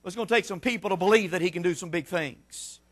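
A man, a missionary preacher, delivering an impassioned sermon with repetitive cadences that build to shouted peaks. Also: high voice, quick pace.

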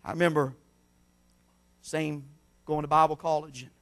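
A middle-aged man preaching a sermon in a church, telling folksy stories and swinging between shouts and hushed asides. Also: a little high, little pitch movement, unhurried. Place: church sanctuary.

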